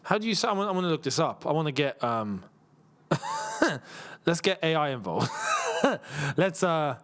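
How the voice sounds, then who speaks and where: A young man from England hosting a live football watchalong, reacting loudly to the match and chatting with viewers. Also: fairly high pitch, very animated, measured pace. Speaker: football channel host. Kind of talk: live watchalong commentary and chat.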